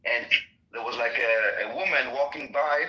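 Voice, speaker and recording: A man's voice: medium pitch, normal speed, bright, forceful tone, roomy sound, poor audio. A man in casual political talk, speaking earnestly with many restarts and fillers.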